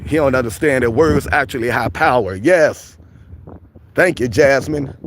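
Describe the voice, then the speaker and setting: A man's voice: mid-range voice, measured pace, slight background noise. A man hosting a casual livestream chat, preachy and repetitive, calling his viewers family. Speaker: livestream host.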